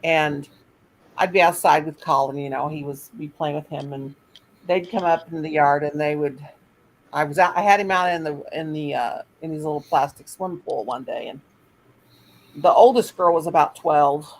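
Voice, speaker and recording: Gravelly older woman telling a rambling story. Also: sits low, normal speed, rough recording. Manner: rambling, animated quoting of others. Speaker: retired teacher telling a story. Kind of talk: casual storytelling chat.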